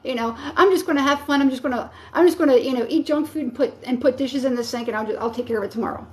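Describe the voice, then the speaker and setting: High-voiced chatty woman giving a tarot reading. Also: rapid-fire. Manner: casual, encouraging, rambling with many fillers. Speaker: tarot reader.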